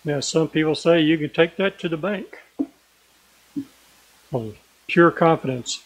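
An earnest man preaching a sermon, his voice sitting a little higher than most men's. He slows down and leans on key words as he reads scripture and drives his points home. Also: poor audio.

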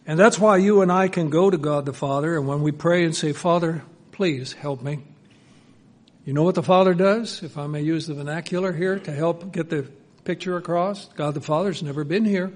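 Earnest preacher man, hushed to emphatic. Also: on the high side. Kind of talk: sermon.

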